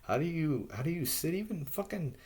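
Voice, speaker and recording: A man in a profane, exasperated solo rant, firing off repeated rhetorical questions, his voice jumping up and getting louder in bursts, then sinking low and quiet. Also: very animated, a little fast. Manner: voice rises and gets louder in bursts, then drops low and soft. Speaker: vlogger. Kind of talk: ranting monologue to camera.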